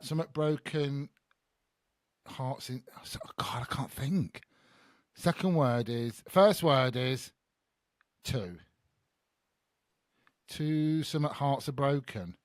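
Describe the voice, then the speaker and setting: A man's voice: mid-range voice, lively intonation, slow pace, long pauses, no echo, clean studio sound. A man hosting a podcast, guessing words in a party game, laughing and thinking aloud. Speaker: podcast host. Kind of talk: playing a guessing game with guests.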